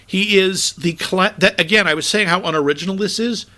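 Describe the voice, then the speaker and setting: A man in his fifties with a bright, forward voice and a fairly high pitch. He co-hosts a casual podcast chat about a movie. He rattles off its clichés in an exasperated, mocking way. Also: brisk. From United States. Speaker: podcast co-host.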